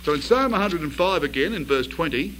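A man with a high voice preaches a sermon and tells the story with vivid drive. He keeps asking rhetorical questions and rises into emphatic bursts. A faint hum sits behind him. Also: lively intonation, brisk, a bit bright, rough recording.

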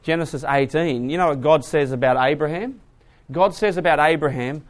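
A man preaching a sermon, retelling a story with lively voices and asking the audience questions. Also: a little high, moderate pace.

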